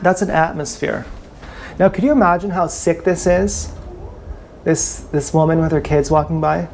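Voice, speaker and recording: A man's voice: a little high, steady tone, moderate pace, gravelly, a little mellow, a little hiss or hum. A man ranting bitterly and with contempt on a live stream, often repeating himself, filmed on an action camera. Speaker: vlogger.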